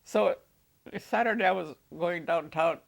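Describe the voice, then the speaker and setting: Elderly woman, creaky voice, animated storyteller, laughs a lot, oral history interview. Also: on the low side, measured pace. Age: older. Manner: animated, laughs often while telling stories. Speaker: interviewee recalling her life.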